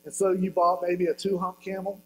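A man's voice: sits high, monotone, a little fast, a little hiss or hum, rough recording. A male pastor giving a sermon, telling a story with humor and acting out voices.

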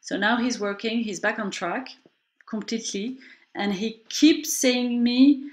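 Woman telling animated stories. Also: on the high side, a little slow. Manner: animated, acts out quoted voices. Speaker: documentary writer, interview guest. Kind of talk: podcast interview, storytelling.

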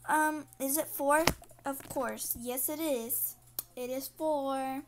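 A young female voice playing a teacher who mumbles softly to herself and praises her class, in a homemade skit with fan noise behind. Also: sits high, fairly even intonation, slow pace. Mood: praising. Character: teacher, a patient adult woman.

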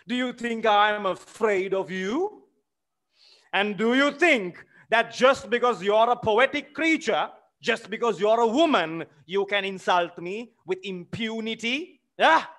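A man's voice: high-pitched, fairly bright tone, pitched above the performer's own voice, full character voice. A man reading aloud as a rude, hot-tempered landowner who blusters and challenges in a play reading.

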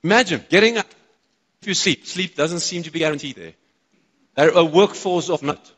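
A man with a South African accent preaching a sermon, excitable and chatting with the congregation between points. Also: fairly high pitch, normal speed, long pauses, husky. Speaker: pastor. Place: church auditorium. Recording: reverberant church hall.

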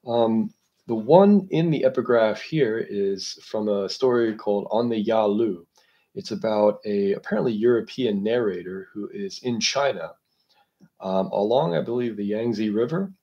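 A man hosting a literature discussion, explaining a book in a measured, analytical way while thinking aloud. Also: on the low side, warm tone, highs cut off.

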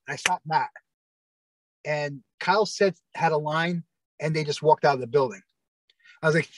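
A man's voice: on the high side, moderate pace, long pauses, no room sound. A man telling stories in a casual interview, rambling with lots of fillers and restarts. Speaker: interview guest.

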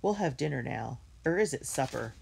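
Storybook older sister, gentle and caring, woman reader. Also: extremely low pitch, lively intonation, moderate pace, vocal fry, slight background noise, heavily acted. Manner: gentle, orderly. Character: kind, motherly older sister girl. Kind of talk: storybook read-aloud.

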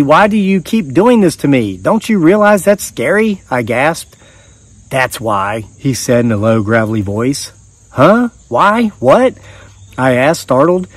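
A man hosting a channel, reading viewer stories aloud with casual joking asides. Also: medium pitch.

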